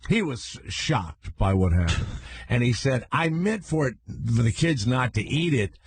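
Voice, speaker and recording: An older man with a husky voice hosting a talk show, chatting casually. He tells stories with lots of energy and jumps into high, frantic voices when he acts out other people. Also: a little slow, dry recording. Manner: animated storyteller, acts out voices in high excited bursts. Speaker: radio show host.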